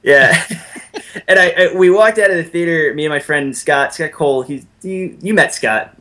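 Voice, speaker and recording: A man's voice: on the high side, moderate pace, bright, forceful tone. A man guest on a horror podcast, talking chattily with many fillers and some laughs. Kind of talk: casual chat.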